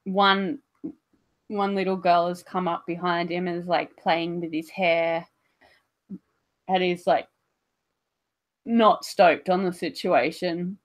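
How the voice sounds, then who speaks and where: A woman's voice: fairly low pitch, steady tone, dull audio. A woman narrating her character in a tabletop role-playing game, rambling casually with many fillers. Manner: unhurried, rambling, lots of fillers like "like" and "um".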